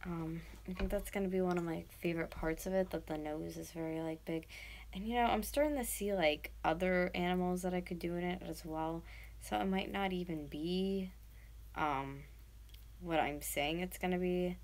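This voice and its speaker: With a low-leaning, steady and somewhat dark voice at a moderate pace, this YouTuber talks to her audience while sculpting. She is a North American woman in her twenties who rambles casually and drops to a whisper as she works.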